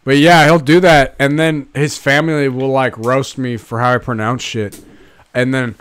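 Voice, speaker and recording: A man's voice: medium pitch, little pitch movement, normal speed, a bit bright, clean tone. A young man co-hosting a podcast, telling rambling stories in casual chat, swearing freely and mimicking accents. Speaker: podcast co-host.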